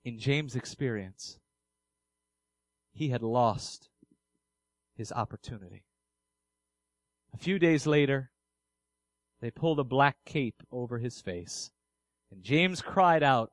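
A man's voice: medium pitch, expressive, slow, long pauses, no room sound, rough recording. A man preaching a sermon earnestly, posing questions and answering them himself.

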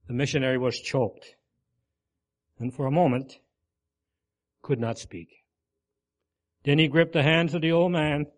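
A man narrating a sermon story in an earnest, measured way. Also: a little high, fairly even intonation. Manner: earnest, measured, dropping soft at solemn points.

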